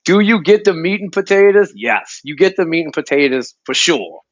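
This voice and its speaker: A man's voice: on the high side, animated, moderate pace, dry recording, muffled recording. A male co-host in casual fan-show talk, laid-back, swearing and full of fillers.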